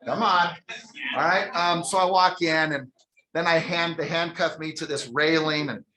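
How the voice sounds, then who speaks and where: A man's voice: a little high, fairly even intonation, moderate pace, crowd noise. A man who is a company CEO, telling a funny, self-mocking story from a stage to a live audience, chatty and full of restarts. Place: stage in a large room. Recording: echoey room sound.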